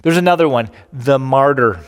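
A middle-aged man preaching a sermon, animated and emphatic, acting out the quotes he tells. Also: mid-range voice, moderate pace, smooth, big-room sound. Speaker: pastor.

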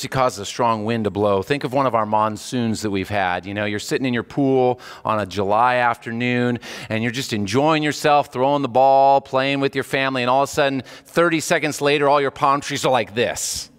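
A man's voice: medium pitch, moderate pace, clean tone. Man preaching in an echoey hall. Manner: expressive, conversational preaching with acted quotes. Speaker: pastor. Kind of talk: sermon.

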